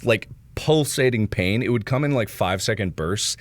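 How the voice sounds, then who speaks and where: A young man from Ohio tells a casual story on his livestream. He rambles through lots of fillers, and his pitch leaps wildly as he acts out loud yelps. The sound is dry and close. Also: lively intonation, normal speed, dry recording. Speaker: streamer.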